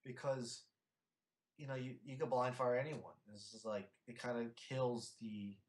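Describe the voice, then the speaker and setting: A man's voice: mid-range voice, level tone. Man talking in an echoey room. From Philadelphia. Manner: halting, many restarts and fillers. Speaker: interview guest. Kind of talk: casual interview chat.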